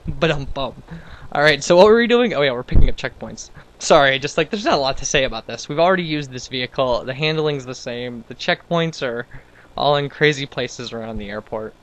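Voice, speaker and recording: Guy rambling over his gameplay, self-deprecating, average pitch, lots of restarts. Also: lively intonation, brisk, fairly bright tone, slight background noise, rough recording. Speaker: gameplay commentator. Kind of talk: casual let's-play commentary.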